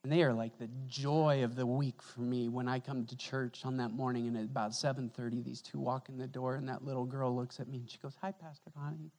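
Animated male pastor preaching. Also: medium pitch, fairly quick, few pauses. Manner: animated, conversational, joking with the congregation. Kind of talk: sermon. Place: church sanctuary. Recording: echoey church hall.

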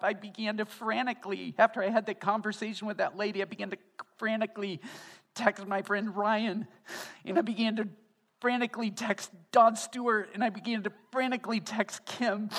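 A man preaching as the pastor of a church, emotional and tearful, building to loud, fervent delivery. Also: high voice. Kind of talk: sermon. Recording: long church hall reverb.

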